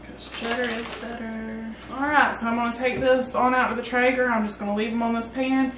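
A woman hosting a casual barbecue cooking vlog, chatty and excited as she cooks and tastes the food. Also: a little high, fairly quick, echoey room, recorded from a distance, noisy background. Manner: excited, chatty, talks while tasting. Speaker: barbecue channel host.

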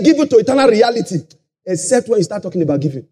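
Husky, high-pitched Nigerian preacher. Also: male voice, sing-song, racing. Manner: preaching with shouted, sing-song emphasis and playful asides. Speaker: pastor. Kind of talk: sermon. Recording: live conference hall.

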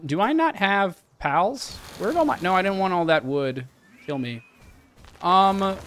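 A man's voice: on the high side, fairly bright tone. Casual young man streaming a game. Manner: chatty, swears often, talks to chat. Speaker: livestreamer. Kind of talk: casual live game commentary.

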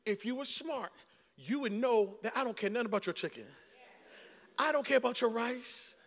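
A calm, gently chiding Jesus, as a male preacher plays him speaks in a soft, measured tone. The voice stays high and bright. It carries a long church-hall reverb. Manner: measured, soothing, lowered volume.

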